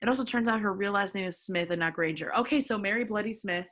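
A woman's voice: medium pitch, fast, a bit bright. A woman in her twenties hosting a casual podcast, reading a story aloud with theatrical flair and frequent giggles. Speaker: podcast host. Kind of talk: casual dramatic reading with friend.

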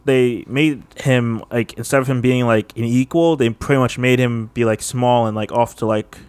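A man's voice: mid-range voice, fairly even intonation, moderate pace, darkish tone, clean tone, no room sound. Rambling casual man, dry sound. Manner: rambling, heavy use of "like", laughs often. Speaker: podcast co-host. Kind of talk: casual chat.

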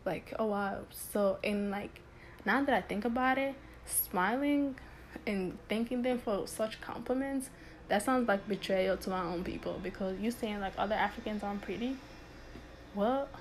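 A woman's voice: medium pitch, moderate pace, slight background noise. A young woman hosting a podcast, talking candidly in a chatty way, with lots of restarts and "like". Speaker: podcast host. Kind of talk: casual solo talk.

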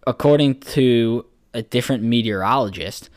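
A man's voice: medium pitch, moderate pace, dry recording, studio quality. A man co-hosting a podcast, joking around in casual banter and swearing freely. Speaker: podcast co-host. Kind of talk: casual chat.

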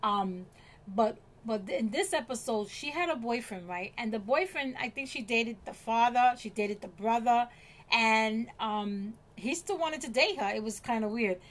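A woman's voice: a little high, lively intonation, unhurried. Chatty woman podcaster, rambling. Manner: rambling, many fillers and restarts, laughs often. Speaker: podcast host. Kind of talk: casual chat, retelling stories.

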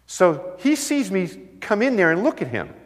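A man preaching a sermon, telling stories with lively delivery and acting out the voices of the people in them. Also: high-pitched, moderate pace. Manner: animated storytelling, acts out voices. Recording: long hall reverb.

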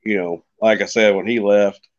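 A man's voice: on the low side, steady tone, moderate pace. Rambling man telling a story, lo-fi. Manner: rambling, folksy, repeats "like I said". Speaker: podcast guest. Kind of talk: casual storytelling.

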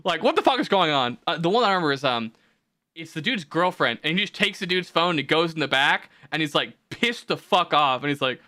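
Male podcast host, sharp and clean tone, foul-mouthed storyteller. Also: fairly high pitch, a little fast, no echo, clean studio sound. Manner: profane, animated storytelling. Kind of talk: casual chat.

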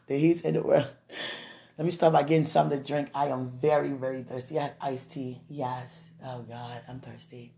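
A woman's voice: very deep voice, steady tone, a little fast, creaky, mellow. A woman in ministry talking tenderly to her viewers, slipping into prayer and laughter between thoughts. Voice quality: effusive, breaks into prayer and laughter, repeats "Oh, God". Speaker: Christian ministry vlogger. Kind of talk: emotional, prayerful chat to viewers.

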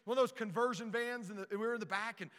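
A man preaching a storytelling sermon, animated and stumbling over repeated words as he starts sentences. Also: high voice, fast, in a large hall.

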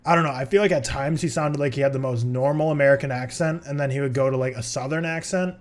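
Young guy on a movie podcast, rambly, keeps restarting, mid-pitch voice. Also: steady tone, fast talker. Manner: rambling, self-correcting film opinions. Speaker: podcast co-host. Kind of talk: casual chat.

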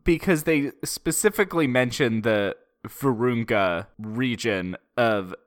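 A man's voice: mid-range voice, slow. A man co-hosting a podcast in casual chat, chatty and often laughing. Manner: chatty, laughs often, trails off mid-thought. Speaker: podcast co-host.

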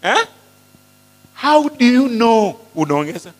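A man preaching a sermon, mixing English and Swahili, animated and often asking the congregation questions. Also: very high voice, slow. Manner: switches between English and Swahili, animated, asks the crowd questions. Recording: hall with long reverb and mains hum.

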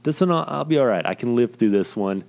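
A man's voice: medium pitch, lively intonation, fast talker, gravelly, a little mellow. A young man casually telling a personal story in a rambling, profane, self-deprecating way.

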